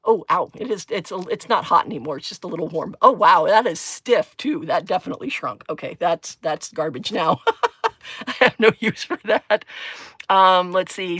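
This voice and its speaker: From her craft desk, a chatty woman narrates her crafting on a live stream in a bright, sharp-edged, lowish voice with lively intonation. She giggles a lot, moving between thinking aloud and replying to viewers' comments at an easy, casual, normal-speed pace. The recording is dry.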